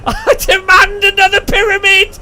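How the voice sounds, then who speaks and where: A man voicing a pompous ancient pharaoh who demands ever bigger monuments, slow and booming. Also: steady tone, pushed and bright, exaggerated voice. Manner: slow, booming, self-important.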